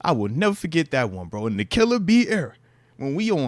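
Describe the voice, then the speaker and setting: A man co-hosting a casual sports podcast, talking in an animated, slangy way and repeating phrases to drive a point home. His voice sits a bit high and swings widely in pitch. The sound is dry and close. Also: brisk, no echo. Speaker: podcast co-host, former player.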